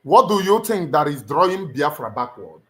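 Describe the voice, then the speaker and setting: With a fairly high, sing-song voice at a moderate pace, this middle-aged Nigerian host leads his livestream in a Nigerian accent. His address is impassioned and preacher-like, and he restates lines to make them land.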